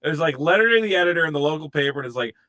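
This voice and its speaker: A man guesting on a podcast, telling stories in a lively, casual way and swearing freely. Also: a little high, very fast. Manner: animated storyteller, swears freely.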